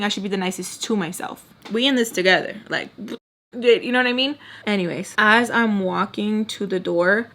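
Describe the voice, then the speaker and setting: A woman's voice: mid-range voice, fairly bright tone. A young adult woman with a mid-range voice rambles through a storytime vlog. She vents emotionally and talks straight to her viewers while she puts on makeup. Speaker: storytime vlogger. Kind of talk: casual storytime venting while doing makeup.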